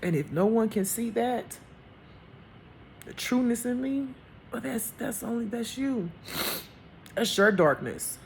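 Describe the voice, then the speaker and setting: A woman's voice: animated, slow, creaky, pauses often, slight background noise. Impassioned woman speaking from the heart. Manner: impassioned, repetitive, slips into a hushed lower voice when quoting God; colloquial and blunt, with cursing. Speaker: spiritual life teacher. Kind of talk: emotional personal monologue.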